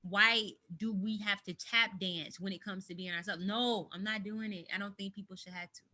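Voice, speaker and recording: A woman's voice: mid-range voice, moderate pace. A woman from the United States speaking candidly as an interview guest, emphatic and outspoken, on a video call from home. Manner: emphatic, animated, speaks her mind.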